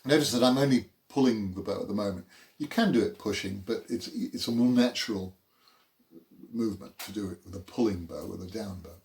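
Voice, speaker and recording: A man with a fairly low voice teaches a relaxed cello lesson, explaining each step plainly. He slips in dry, self-mocking asides, and cello notes sound between his phrases. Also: a little fast. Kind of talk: informal music lesson. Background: cello playing between phrases.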